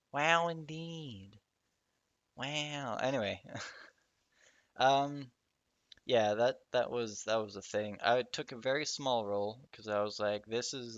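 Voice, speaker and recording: Slow-talking young man rambling solo. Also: lowish voice, a bit bright, no room sound. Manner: meandering, self-deprecating, swears casually. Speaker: podcast host. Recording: dull lo-fi podcast audio.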